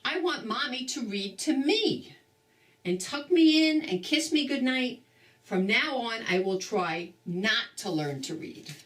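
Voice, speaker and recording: Grover, as a grandma puts him on, squeaky and eager. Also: female voice, lively intonation, takes it slowly, far from the mic. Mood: excited. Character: eager little blue male monster child.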